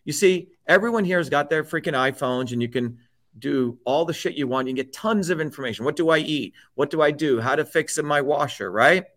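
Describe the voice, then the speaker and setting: A man's voice: on the high side, fairly quick, fairly bright tone. A middle-aged man, a guest, ranting about politics with constant swearing and hammering repetition. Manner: profane, emphatic, repetitive. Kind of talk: heated political rant.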